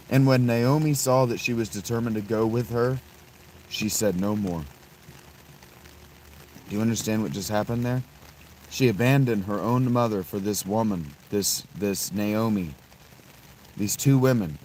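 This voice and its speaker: A man's voice: on the low side, measured pace, pauses often, a little mellow, a little hiss or hum, poor audio. A man storyteller casually retelling a scripture passage with emphasis and rhetorical questions.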